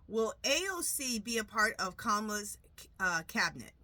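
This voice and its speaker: A woman hosting her own tarot channel in a casual, rambling vlog chat, full of quick asides. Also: medium pitch, sing-song, sharp tone, dry recording. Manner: asks a pendulum questions, repeating "clear". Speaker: tarot reader and channel host.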